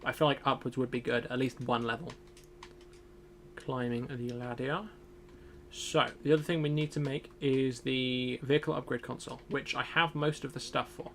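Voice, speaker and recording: A man's voice: mid-range voice, fairly even intonation, normal speed, fairly bright tone, slight background noise. A young man streaming a survival game, casually thinking aloud as he plays. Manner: thinks aloud, muttering to himself. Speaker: gaming streamer. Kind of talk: casual gameplay commentary.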